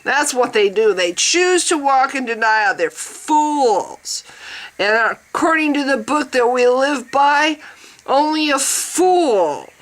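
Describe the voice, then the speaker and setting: A woman's voice: a little high, a bit bright, rough recording. A woman playing a smug, self-certain man who preaches and mocks others in a repetitive rant. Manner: mocking, preachy, repetitive ranting.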